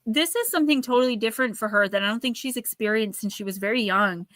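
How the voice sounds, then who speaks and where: A woman hosts a live stream of oracle card readings, talking in a loose, rambling and animated way. Her voice is bright and forward. The sound is close and dry. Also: fairly high pitch, fast talker, no room sound. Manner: chatty, rambling, animated storytelling.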